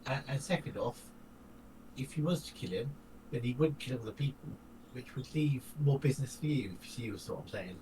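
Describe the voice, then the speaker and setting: A man playing a character in a tabletop game, making a rambling, persuasive pitch. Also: lively intonation, a little fast. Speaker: player. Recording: distant mic with faint noise.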